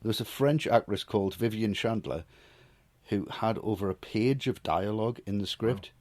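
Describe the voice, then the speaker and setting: A man's voice: on the low side, moderate pace, no room sound. A man co-hosting a casual film podcast, ranting animatedly with swearing and jokes. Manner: animated, swearing, jokey rants. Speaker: podcast co-host.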